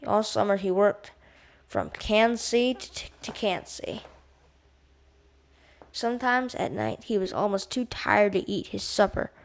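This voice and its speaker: A woman's voice: mid-range voice, a little slow, vocal fry. A woman reading a children's novel aloud for homeschoolers, stumbling and restarting words and stopping to explain terms. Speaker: audiobook reader. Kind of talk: casual read-aloud for homeschool.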